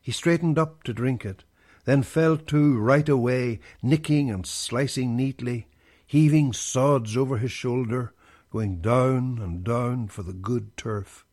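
A man reading a poem aloud in a measured, deliberate recitation. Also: medium pitch, darkish tone. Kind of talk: slow poetry reading.

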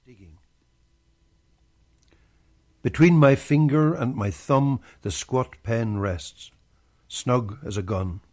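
A man reading a poem aloud in a measured, deliberate recitation. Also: medium pitch, darkish tone. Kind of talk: slow poetry reading.

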